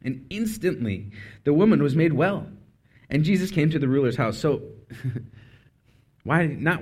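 A man preaching a casual, conversational sermon, full of asides and quick self-corrections. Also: a little high, expressive, a little mellow, slightly rough. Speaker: speaker.

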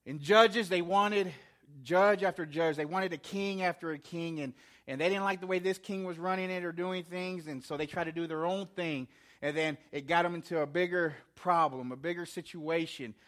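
A man preaching a sermon, impassioned, often repeating words and climbing higher and louder as he quotes God. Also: steady tone, moderate pace. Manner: impassioned, repeats words, rising to shouts when quoting God.

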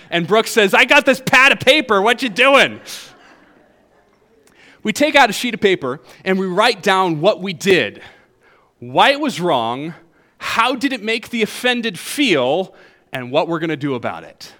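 A man's voice: high voice, a little slow. A male pastor with a Southern US accent preaching a sermon, joking with the congregation. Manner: animated, jokes with the congregation.

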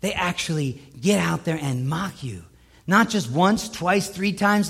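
A man with a notably high voice delivers a sermon from the pulpit. He preaches emphatically, stacking points and repeating phrases to drive them home. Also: expressive, measured pace, fairly bright tone. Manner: emphatic, building repetition.

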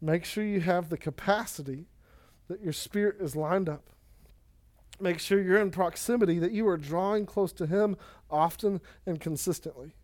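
High-voiced man preaching a casual sermon. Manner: casual, energetic preaching with quick asides and Bible readings. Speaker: pastor.

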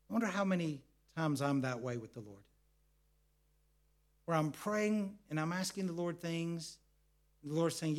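Middle-aged man, high-pitched, earnest preacher who repeats himself. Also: moderate pace, pauses often. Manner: earnest, repeats words, tells family stories. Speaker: pastor. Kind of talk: sermon.

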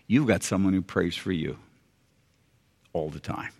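An older American man preaching a sermon, earnest and folksy, repeating phrases and dropping suddenly quiet for emphasis. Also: low-pitched, unhurried. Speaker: pastor. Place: church sanctuary. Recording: long hall reverb.

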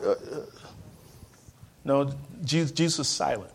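A man preaching a sermon in a church, repeating phrases and calling on the congregation to respond, swinging from loud outbursts to hushed words. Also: sits high, a little fast, long pauses.

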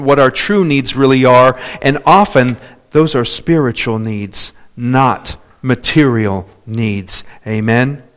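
A man preaching a sermon, calling out for amens and hallelujahs, swinging between loud emphatic points and quiet asides. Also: a little high. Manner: animated, calls for amens and hallelujahs.

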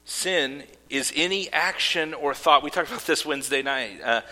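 At normal speed, a man with a somewhat high, bright, forceful voice preaches as a pastor, earnest yet loose with casual asides and fillers. Long hall reverb fills the recording.

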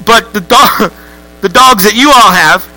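A man preaching a lively, joking sermon to a church congregation. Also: high voice, unhurried, soft background music, low-quality recording. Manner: lively, joking, acts out voices with rising outbursts. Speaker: pastor.

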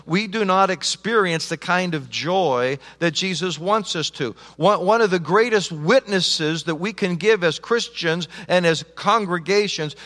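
A man preaches in a church sanctuary, his fairly high voice carrying a long reverb through the hall. He moves from raised, emphatic lines to soft, slowed, hushed ones, repeating words as he restarts phrases. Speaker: pastor. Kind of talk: sermon.

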